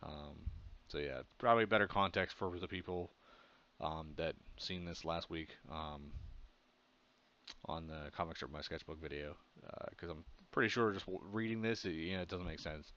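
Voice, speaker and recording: A man from Pennsylvania tells a story in a loose, rambling way, stopping often for fillers. His voice sits very low. The audio sounds a little dull and muffled. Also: normal speed, fairly bright tone, slight background noise. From Pennsylvania, USA. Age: adult. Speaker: comic artist vlogger. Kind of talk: casual storytelling.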